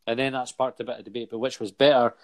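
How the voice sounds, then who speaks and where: A man's voice: medium pitch, little pitch movement, racing. Jokey Scottish man hosting a podcast. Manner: jokey, chatty, laughs often. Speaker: podcast host. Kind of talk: casual football chat.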